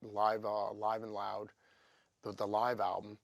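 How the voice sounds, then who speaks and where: A man's voice: lowish voice, measured pace, creaky, no echo. Rambling storyteller man, dry sound. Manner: animated, rambling, lots of fillers. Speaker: guest guitarist. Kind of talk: casual storytelling chat.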